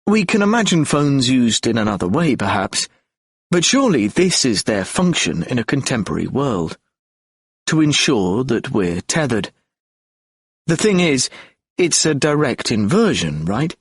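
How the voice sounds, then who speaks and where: A man's voice: medium pitch, sing-song, a little slow, breathy edge, no echo, clean studio sound. A man reading an audiobook of lecture transcripts in a reflective, argumentative lecture tone. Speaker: audiobook narrator.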